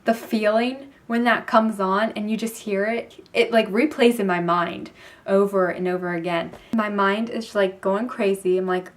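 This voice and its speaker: Excited young woman telling a story. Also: mid-range voice, moderate pace. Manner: excited and gushing, lots of 'like'. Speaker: vlogger. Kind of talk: casual storytelling to camera.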